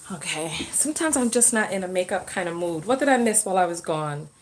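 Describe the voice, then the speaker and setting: There's noise in the background behind this woman's low-pitched voice. A coach on self-love and relationships, she's running a casual livestream Q&A, reading viewer comments and replying off the cuff, frequently trailing off mid-sentence and trying again.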